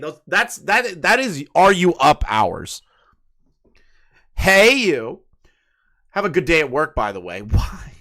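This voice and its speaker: A man's voice: a little high, fairly bright tone. A man in his late twenties hosting casual commentary, reading messages aloud and mocking them with incredulous, profane asides. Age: late 20s. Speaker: commentary host.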